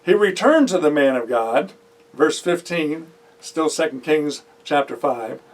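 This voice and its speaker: High-voiced preacher, off-mic. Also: male voice, measured pace. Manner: animated storytelling, acting out the voices of biblical figures; drives points home by repeating phrases. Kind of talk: sermon. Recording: voice heard from a distance off the mic.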